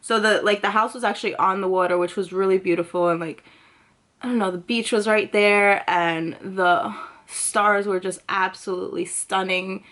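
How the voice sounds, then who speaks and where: A woman's voice: medium pitch, fairly even intonation, normal speed, fairly bright tone. A young woman vlogging, telling a personal story in a chatty, casual way, full of filler words and swearing freely.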